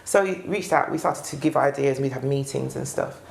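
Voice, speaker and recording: A woman's voice: very deep voice, brisk, creaky. A woman who sang in a choir, reminiscing casually in an interview and searching for memories. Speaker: choir singer. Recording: echoey room with faint ambience.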